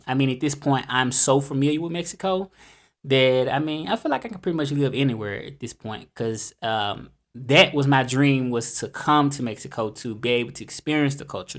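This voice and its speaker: Southern guy from memphis just chatting to the camera, chill and rambly, mid-pitched voice. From Memphis, Tennessee, US. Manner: laid-back and rambling, with many fillers. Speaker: vlogger. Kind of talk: casual monologue to camera.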